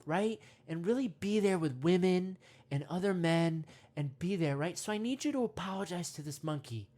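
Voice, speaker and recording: A woman guiding a parody meditation in a slow, soothing, rambling way, often asking "right?". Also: sits low, warm tone. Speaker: meditation guide.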